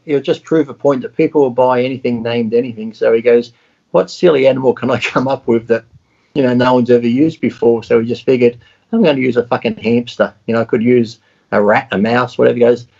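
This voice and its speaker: A man's voice: medium pitch, vocal fry, a little mellow, husky. A man in casual chat, blunt and profane, telling stories with animation. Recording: dull lo-fi sound.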